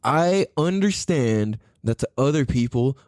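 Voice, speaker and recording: A man's voice: medium pitch, lively intonation, measured pace, darkish tone, dry recording, studio quality. A man hosting a solo podcast, rambling casually, swearing and often laughing. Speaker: podcast host.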